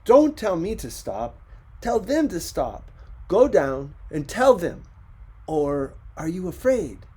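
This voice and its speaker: A man's voice: medium pitch, animated, a little slow, hardly any pauses, husky. A man voicing a fiery, indignant older man. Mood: outraged. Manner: shouting, indignant.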